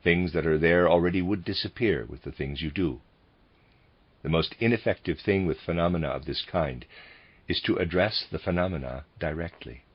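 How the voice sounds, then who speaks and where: A man reading lectures aloud as an audiobook reader, in a measured way, speaking the bracketed notes too. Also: sits low, breathy edge, lo-fi sound.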